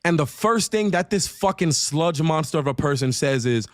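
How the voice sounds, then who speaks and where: A man's voice: a little high, animated, normal speed, dry recording. Guy in his 30s ranting about a friend, cussing, mocking voices, dry sound. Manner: profane, mocking, acts out other people's lines. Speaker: streamer telling a story. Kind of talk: angry storytelling rant.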